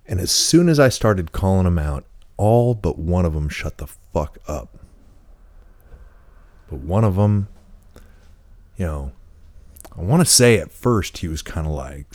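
A man's voice: low-pitched, lively intonation, unhurried, pauses often, a little mellow, no echo. A man hosting a podcast, telling a long story in a laid-back, rambling way and swearing often, speaking close to the mic. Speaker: podcast host. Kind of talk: casual storytelling monologue. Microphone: close microphone.

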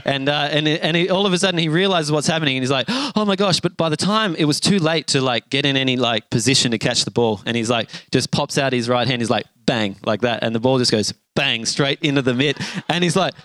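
A middle-aged man, preaching a sermon and acting out a lively story. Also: mid-range voice, quick pace, no room sound. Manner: animated storyteller, acts out voices with shouts and gasps. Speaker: pastor.

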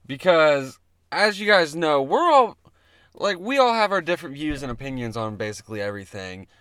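A young man chats loosely on a podcast, rambling and swearing as he goes. His voice is bright and clear, and the sound is dry and close. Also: on the high side, big pitch swings, moderate pace, dry recording. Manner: rambling, swearing, laughing often. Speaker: podcast co-host. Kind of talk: casual chat.

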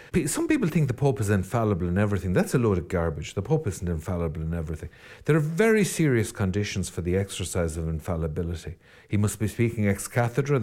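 Earnest lower-voiced Irish priest. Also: male voice, a little mellow. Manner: earnest, rambling, with self-deprecating asides. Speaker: Catholic priest. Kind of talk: podcast reflection.

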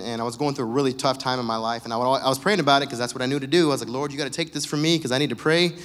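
A male pastor giving a casual, joking sermon with animated storytelling. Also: mid-range voice, big-room sound.

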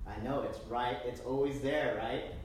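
Lady pastor giving a sermon, jokey and lively, lots of questions to the crowd, big echo, mic kinda far off. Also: a bass voice, normal speed, a little hiss or hum. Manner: lively, jokey preaching with many rhetorical questions. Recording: very echoey room, distant mic.

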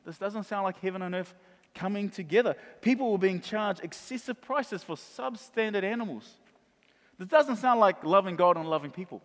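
A male pastor preaching a sermon, animated, acting out the voices of Bible figures. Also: sits high, moderate pace. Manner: animated, acts out voices of crowd and Jesus. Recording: long reverb of a large hall.

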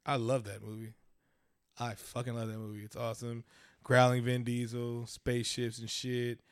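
A man co-hosting a podcast, teasing and cursing loudly with lots of laughter. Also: medium pitch, monotone, moderate pace, smooth, no echo, studio quality. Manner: loud, teasing, laughing, profane. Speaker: podcast co-host. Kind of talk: casual banter.

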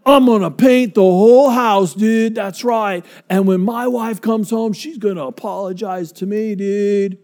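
A preacher voicing a laid-back young surfer dude who drawls and keeps saying "dude". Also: male voice, high voice, a little slow, few pauses, darkish tone. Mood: indignant. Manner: drawling, says "dude" constantly.

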